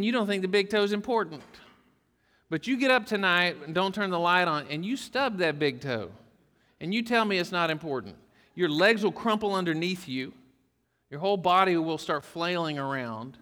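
A man's voice: sits high, lively intonation, moderate pace, sharp tone. Man preaching in a reverberant hall. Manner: folksy storytelling with humor. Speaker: pastor. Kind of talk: sermon.

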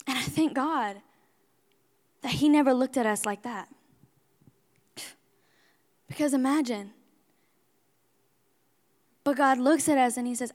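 A young woman giving a testimony in a sermon, animated and acting out her own outbursts. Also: high-pitched, moderate pace, pauses often. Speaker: speaker at a church service. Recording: long hall reverb.

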